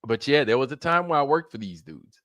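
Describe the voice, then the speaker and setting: Male stream host, crisp bright voice, dry booth sound, rambling and salty. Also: mid-range voice, expressive, brisk, no room sound. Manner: profane, rambling, laughs often. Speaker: livestream show host. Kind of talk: casual chat.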